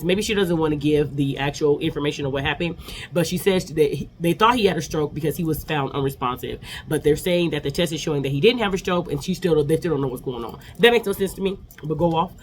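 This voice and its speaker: A woman's voice: deep voice, a little hiss or hum. A woman in her forties giving a chatty, opinionated casual recap of reality TV episodes.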